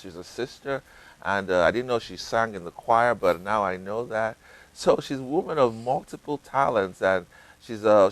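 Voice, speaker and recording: A man's voice: no room sound, poor audio. A middle-aged man from Africa hosting a TV talk show, preaching with emphatic repetition, then chatting with his guest. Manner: repetitive, emphatic, breaks into high laughter. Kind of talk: preaching then casual interview. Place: TV studio.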